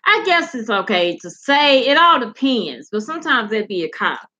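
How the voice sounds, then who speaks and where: A woman, hosting a show and chatting casually, animated and swearing freely. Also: fairly high pitch, normal speed, few pauses, muffled recording. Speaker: podcast host. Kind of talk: casual chat.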